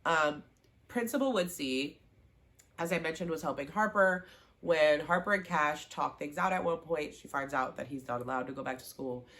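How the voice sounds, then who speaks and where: A woman recapping a TV season in a casual, animated way, acting out the characters' lines and gushing over favorite scenes. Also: low-pitched, normal speed. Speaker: show recap vlogger.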